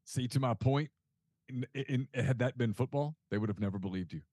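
A man hosting a sports podcast, talking in a relaxed, easygoing way with plenty of fillers. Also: medium pitch, fairly quick, no room sound, studio quality. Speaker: podcast host. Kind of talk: casual interview chat.

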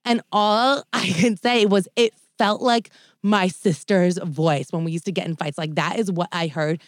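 A woman co-hosting a podcast, telling a story in an animated way with lots of "like" fillers. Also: fairly low pitch, moderate pace, dry recording, studio quality. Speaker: podcast co-host. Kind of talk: casual chat, storytelling.

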